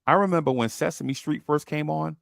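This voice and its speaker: A man's voice: fairly high pitch, a little fast, creaky, no echo, studio quality. A young man co-hosting a casual podcast chat, rambling and repeating words as he thinks. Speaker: podcast co-host.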